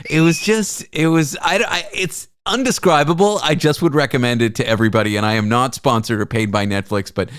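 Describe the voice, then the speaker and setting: A man's voice: medium pitch, fairly even intonation, fairly quick, few pauses, fairly bright tone, clean tone, dry recording, clean studio sound. A man hosting a comedy talk show, telling a story in a rambling, self-mocking way and laughing often. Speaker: host. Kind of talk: casual comedic chat.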